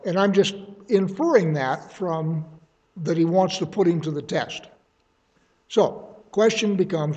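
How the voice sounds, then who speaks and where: A man's voice: high voice, animated, a little slow, a little mellow, lo-fi sound. A man leading a Bible study in a conversational way, thinking aloud and adding asides. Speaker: Bible teacher.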